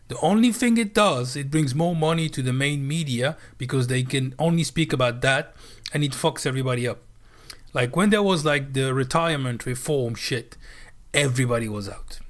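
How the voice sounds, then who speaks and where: A man rants on a livestream, swearing freely and hammering the same point again and again. His voice sits a touch high for a man. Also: fairly bright tone. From France. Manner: blunt, swearing, emphatic repetition. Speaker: streamer. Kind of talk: profane livestream rant.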